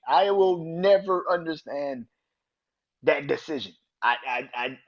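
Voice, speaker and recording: A man's voice: lively intonation, normal speed. Profane, heated man ranting on a podcast. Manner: angry, profane, swings from loud outbursts to low muttering. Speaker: podcast host. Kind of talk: casual solo podcast rant. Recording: dull lo-fi sound.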